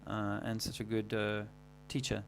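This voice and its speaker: Gravelly man rambling on a livestream. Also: fairly low pitch, completely flat delivery, slight background noise. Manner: rambling, halting, many fillers and restarts. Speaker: livestream host. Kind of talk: casual livestream monologue.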